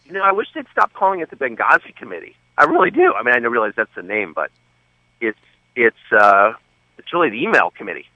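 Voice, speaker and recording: A man guesting on a talk radio show, speaking in an animated, sardonic way and tossing in wry asides about politics. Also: mid-range voice, fast, dry recording. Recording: dull lo-fi line, dry.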